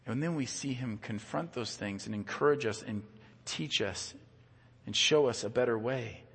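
A man's voice: mid-range voice, normal speed, fairly bright tone, slightly rough. A man preaching a sermon as a pastor in a church, earnest and conversational, often repeating words as he goes. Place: church sanctuary. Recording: long church reverb.

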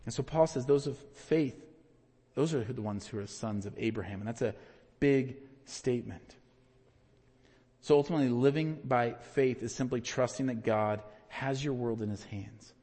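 A man preaching a sermon, swinging from loud emphatic peaks to hushed, quiet questions. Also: mid-range voice, normal speed, breathy edge, in a large hall. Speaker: pastor.

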